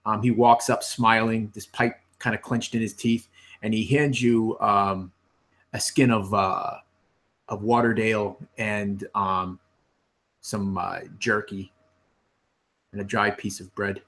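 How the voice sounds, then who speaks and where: A man narrating as game master for a tabletop game, slow and halting with many fillers. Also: lowish voice, flat delivery, fairly bright tone.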